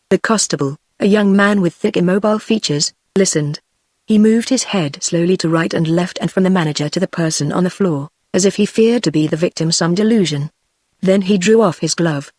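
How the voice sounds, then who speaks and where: A text-to-speech woman's voice with a British English accent, reading an audiobook in an even, measured way. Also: lowish voice, no room sound. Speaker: audiobook narrator. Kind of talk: synthetic audiobook narration.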